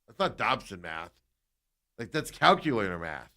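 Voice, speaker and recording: A man co-hosting sports talk radio, telling stories in an excitable, animated way. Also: lowish voice, moderate pace.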